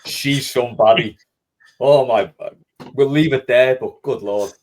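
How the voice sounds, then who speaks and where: A man hosting a casual fan podcast, animated and swearing freely as he chats. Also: medium pitch, takes it slowly. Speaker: podcast host. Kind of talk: casual chat.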